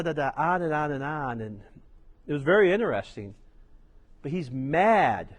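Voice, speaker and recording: A man's voice: on the high side, animated, moderate pace. A middle-aged man preaching a sermon as pastor, telling stories with chatty asides. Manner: storytelling, conversational asides.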